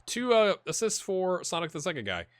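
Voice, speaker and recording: A man hosting a gaming video, chatting and reacting excitedly as he plays a football management game. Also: high-pitched, moderate pace, smooth. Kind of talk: live commentary while playing a football management game.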